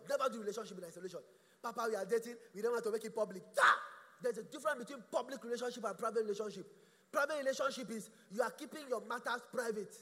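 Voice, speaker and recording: A man's voice: very high voice, fairly bright tone. A man preaching a sermon in church. He asks rhetorical questions and stammers through restarts. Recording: echoey church hall.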